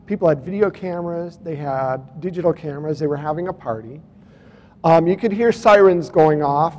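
Guy telling his story at a conference, kinda wry, fairly high voice, big hall echo. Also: moderate pace, a little mellow. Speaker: conference speaker. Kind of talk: storytelling talk to an audience. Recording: long reverb of a conference hall.

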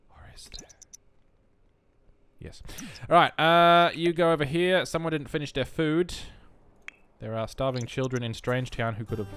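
A man's voice: fairly high pitch, fairly even intonation, normal speed, a bit bright. A young man giving wry, self-mocking commentary while playing a life-simulation game. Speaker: let's play host. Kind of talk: casual gameplay commentary.

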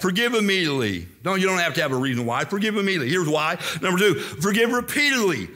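A man's voice: sits high, quick pace, hardly any pauses. An older man from Indiana with a slight Southern-sounding accent, preaching an emphatic sermon as pastor. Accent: slight Southern-sounding American. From Indiana, USA. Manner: emphatic, animated preaching with quoted asides.

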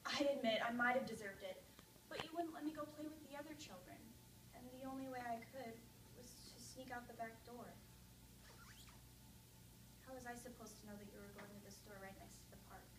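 A woman's voice: on the high side, a little fast, background noise, lightly acted. A teenage girl performing a monologue as a grieving young mother speaking at her father's grave, tender and reminiscing. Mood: wistful. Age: late teens. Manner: tender, reminiscing, rising to anguished outbursts. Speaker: student performer. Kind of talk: oral interpretation monologue. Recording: echoey room, mic at a distance.

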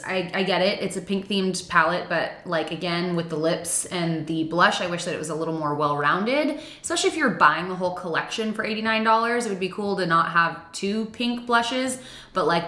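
A young woman talks casually through a makeup review, chatty and self-deprecating, with plenty of "like" fillers. Her voice sits a little low but has a bright, forward tone. The room gives it a noticeable echo. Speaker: beauty vlogger. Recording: echoey room.

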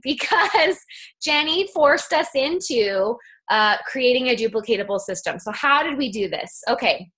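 A woman's voice: on the high side, a bit bright. A woman speaking as guest on a sales team call, eager and chatty, with many fillers and restarts as she coaches her team. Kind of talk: motivational team-call talk. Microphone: phone or conference-call line.

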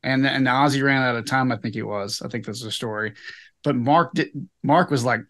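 Male host with a mid-range voice, chatty and relaxed. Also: medium pitch, normal speed. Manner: chatty, laughs while telling a story. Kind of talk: casual interview chat.

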